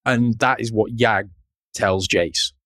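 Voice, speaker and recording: A man's voice: fairly low pitch, fairly even intonation, takes it slowly, a bit bright, no echo, clean studio sound. A man co-hosting a casual podcast, recapping a cartoon episode in a chatty, storytelling way and laughing at his own jokes. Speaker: podcast co-host.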